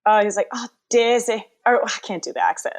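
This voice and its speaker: A woman's voice: mid-range voice, racing, gravelly. A woman co-hosting a podcast who recaps TV episodes in casual chat and acts out quotes from the scenes. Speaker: podcast co-host.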